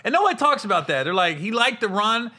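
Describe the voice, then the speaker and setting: A man's voice: high voice, fast talker. A man hosting a podcast, telling stories in casual chat with plenty of swearing. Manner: animated, profane storyteller. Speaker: podcast host.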